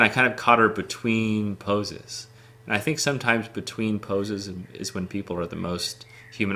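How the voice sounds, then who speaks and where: A man with a very low, gravelly voice talks loosely through his pictures. His tone has a bright, forward edge, and he rambles with plenty of ums and easy enthusiasm. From United States. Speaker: photographer showing his photos. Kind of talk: casual talk over photos.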